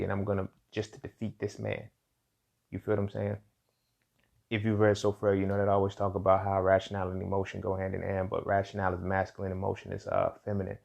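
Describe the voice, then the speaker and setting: A podcast host with a low, gravelly voice muses in slang through a solo commentary monologue. He's casual, often asking "you feel what I'm saying," repeating words and restarting as he thinks aloud.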